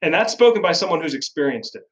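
A man's voice: on the high side, sing-song, fast talker, fairly bright tone, dull audio. A man hosting a conversation, affirming and earnest, with emphatic repetition. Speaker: host. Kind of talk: conversational interview.

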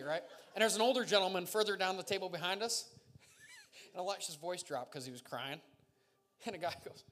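A man preaching with a high, bright-pitched voice, his delivery swinging from quiet asides to loud, fervent declarations. He is a pastor who tells stories from the pulpit and laughs along with them. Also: fairly quick. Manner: emphatic, rising to fervent declarations; jokes and laughs while telling stories. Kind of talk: sermon.

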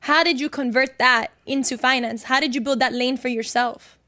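A woman's voice: high voice, fairly even intonation, normal speed, sharp tone. A woman from Miami, a guest on a podcast, talking in an easygoing, agreeable way in casual chat.

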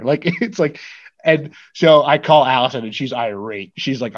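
A man's voice: medium pitch, normal speed, lo-fi sound. A man co-hosting a podcast, telling a long story in a loose, rambling way with lots of filler words. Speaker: podcast co-host. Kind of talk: casual chat.

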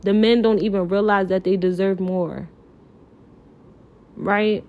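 A woman alone on her podcast speaks in an impassioned, pleading way, close to tears, with lots of filler words and swearing. Her mid-range voice keeps a fairly even intonation, and she goes slowly with long pauses. The audio sounds dull.

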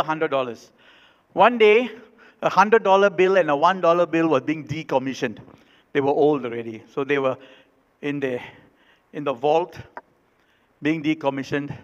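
A man's voice: on the high side, normal speed, long pauses. A male pastor preaching a sermon, emphatic and repeating his key phrases. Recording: reverberant hall, dull sound.

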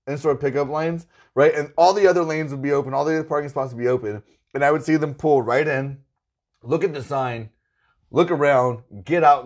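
A man who works in a store, a guest on a podcast, ranting emphatically in casual chat with plenty of swearing. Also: fairly high pitch. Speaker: store worker.

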